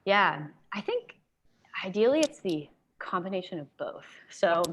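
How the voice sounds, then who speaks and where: Low-voiced woman chatting on a video call. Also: expressive, normal speed, a bit bright. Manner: conversational and enthusiastic, sprinkles in "like". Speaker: guest speaker.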